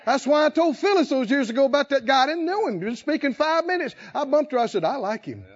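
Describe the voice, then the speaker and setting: A man preaching a sermon as pastor, shifting from soft talk to loud, shouted exhortation with laughs. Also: very high voice, expressive, fast, highs cut off.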